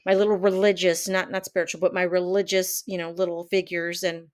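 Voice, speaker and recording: A woman's voice: on the low side, flat delivery, a little fast, a little mellow, clear, resonant tone. Rambling woman in her fifties. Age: 50s. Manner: rambling, many fillers and restarts. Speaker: vlogger and life coach. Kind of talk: casual talk to camera. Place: home office.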